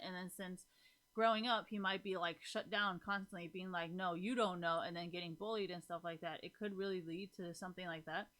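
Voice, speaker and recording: A woman's voice: fairly low pitch, steady tone, fairly quick, a bit bright. A woman livestreaming and chatting casually with her viewers, rambling through her thoughts with plenty of fillers, frequent laughter and casual swearing. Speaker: live streamer chatting with viewers. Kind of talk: casual chat.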